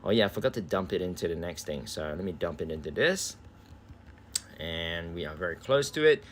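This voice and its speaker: Laid-back Australian man, low voice. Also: animated, fairly quick, slight background noise. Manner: laid-back, chatty, swears casually. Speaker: game streamer. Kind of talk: casual live-stream chat. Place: indoors at home.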